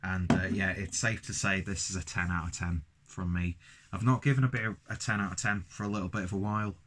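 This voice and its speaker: A young man with a London accent talks through a beer review in a casual solo monologue. His voice sits a bit low, and he rambles with enthusiasm, breaking off into jokes at his own expense. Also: fairly even intonation, brisk, fairly bright tone, slight background noise. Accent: London English. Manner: enthusiastic, rambling, self-mocking asides.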